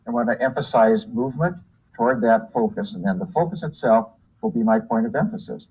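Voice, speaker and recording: A man's voice: mid-range voice, a little fast, a little mellow, slightly rough, rough recording. A man teaching art in a hands-on demonstration, talking unhurriedly while he works and pointing things out as he goes.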